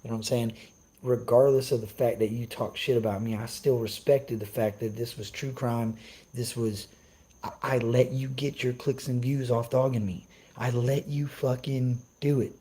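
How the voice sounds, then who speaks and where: A man's voice: medium pitch, fairly even intonation, moderate pace, dark tone, poor audio. Brash profane man ranting on stream. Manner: profane, brash, trash-talking. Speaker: streamer reacting to chat. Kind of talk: casual live-stream rant.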